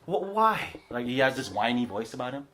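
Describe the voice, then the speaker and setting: A man's voice: mid-range voice, very animated, brisk, sharp tone, a little hiss or hum. A man voicing an anxious, emotional male disciple with a whiny, exasperated voice.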